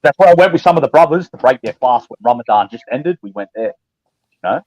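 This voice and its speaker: A man chatting casually on a live stream call, relaxed and slangy, often repeating his words. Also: mid-range voice, fast, lo-fi sound. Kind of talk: casual chat.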